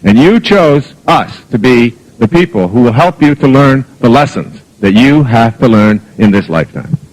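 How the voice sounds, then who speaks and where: A man's voice: medium pitch, lively intonation, normal speed, a little mellow, low-quality recording. A middle-aged man giving a motivational lecture, telling humorous anecdotes about family life. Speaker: motivational speaker. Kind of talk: live lecture to an audience.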